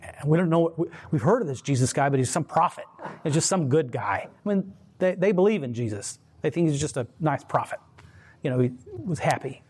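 Animated man telling faith stories. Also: a little high, a little fast, husky. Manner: emphatic, rambling, animated storyteller. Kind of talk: casual chat, storytelling.

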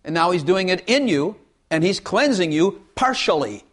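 Male preacher, light-pitched, folksy sermon delivery, calls for amens. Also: very animated, normal speed, a bit bright. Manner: folksy, repeats phrases, asks the congregation for amens.

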